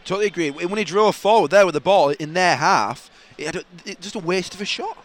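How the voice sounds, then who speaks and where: A man with a Yorkshire accent co-hosting a casual football podcast, jokey and animated. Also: high-pitched, brisk, a little hiss or hum. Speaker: podcast co-host. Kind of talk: casual football fan commentary.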